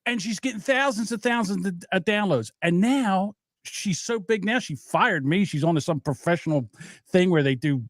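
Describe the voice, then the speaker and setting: A man's voice: high-pitched, lively intonation, moderate pace, no room sound, clean studio sound. A man co-hosting a podcast, ranting in an exasperated way in casual chat.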